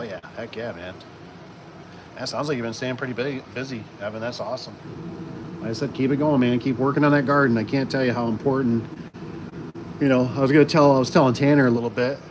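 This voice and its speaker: A mid-pitched man, a garage door installer, hosts a casual livestream full of rambling, circling back, fillers, and restarts. Throughout, the background is noisy with a humming air conditioner and passing traffic.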